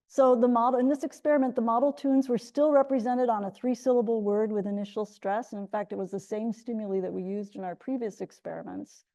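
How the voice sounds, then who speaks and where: A woman's voice: on the high side, fairly even intonation, a little fast, hardly any pauses, warm tone. A middle-aged woman giving an academic linguistics talk, explaining step by step with frequent restarts. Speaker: linguistics lecturer.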